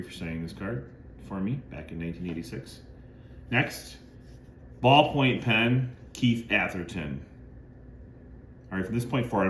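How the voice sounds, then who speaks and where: Low-voiced middle-aged man, roomy echo. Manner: lists items plainly, bursts into loud woohoo cheers. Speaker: card collector and channel host. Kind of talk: casual show-and-tell narration. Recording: echoey room with faint ambient noise.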